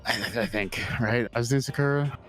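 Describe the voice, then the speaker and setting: A young woman joining a casual game stream, reacting quickly and expressively. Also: rumbling low. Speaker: co-player on stream. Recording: faint background music.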